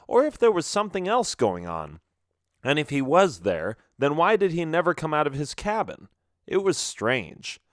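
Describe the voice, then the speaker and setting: Man, children's audiobook narration, lively pitch, dry close sound. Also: no room sound. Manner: expressive storytelling.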